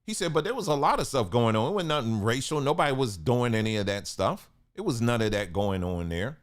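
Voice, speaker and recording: A man's voice: medium pitch, animated, fairly quick. A man hosting a commentary monologue, talking casually and emphatically, with loose colloquial grammar and rhetorical questions to his viewers. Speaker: commentary channel host.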